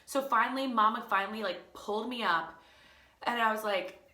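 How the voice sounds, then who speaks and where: A woman teacher telling a personal story in a casual, animated way, full of fillers and laughter. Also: a little high, moderate pace, echoey room. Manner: animated, lots of fillers, laughing through the tale. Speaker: teacher and channel host.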